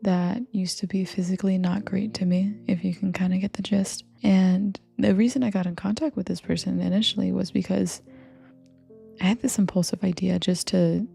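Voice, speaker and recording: A young woman rambling softly in a confiding comfort audio, partly whispered, with lots of fillers. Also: mid-range voice, steady tone, normal speed, gravelly. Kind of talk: soft whispered rambling monologue. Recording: faint music behind. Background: soft background music.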